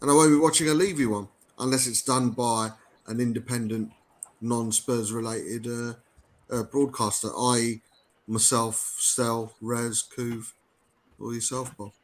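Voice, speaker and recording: A man speaking as a guest on a casual football podcast, emphatic but pausing on fillers. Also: medium pitch, fairly even intonation, a little hiss or hum. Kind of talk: casual fan podcast chat.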